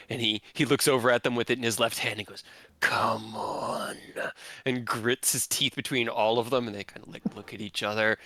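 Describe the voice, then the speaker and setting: A man narrating a tabletop game as game master, animated and laughing often. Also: mid-range voice, dry recording.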